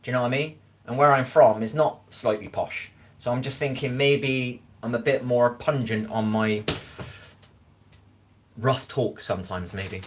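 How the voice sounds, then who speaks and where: A little slow and medium in pitch, this Scottish livestreamer's voice carries some slight background noise. He's at home in his kitchen, rambling through loose chat and frequently checking he's understood with "do you know what I mean."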